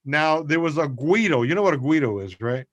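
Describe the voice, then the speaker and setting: Older New comic spinning an animated story, slightly high voice, on a video call. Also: male voice, a little fast, no echo. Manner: animated storyteller, acts out voices, swears freely. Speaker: comedian guest. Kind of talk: casual storytelling.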